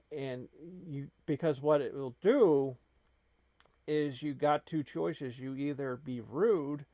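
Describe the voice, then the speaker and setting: Male gaming host, rambling and self-deprecating, slow delivery, dry close sound. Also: mid-range voice, dark tone, no echo. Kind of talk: casual gameplay commentary.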